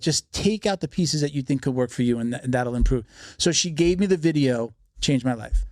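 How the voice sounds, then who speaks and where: A man's voice: medium pitch, lively intonation, a little mellow, dry recording, studio quality. A man telling a long personal story in casual podcast talk, swearing freely and acting out the voices of the people he quotes. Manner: fast, profane storyteller who acts out quoted voices. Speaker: podcast guest.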